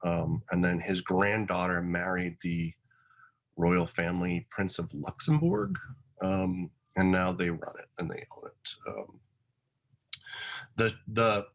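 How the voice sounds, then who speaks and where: A man with a lowish voice co-hosts a casual, informative wine conversation. He speaks modestly and plays down his own expertise. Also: slow pace, rough recording. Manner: modest, self-deprecating. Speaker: wine show co-host. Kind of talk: casual educational wine chat.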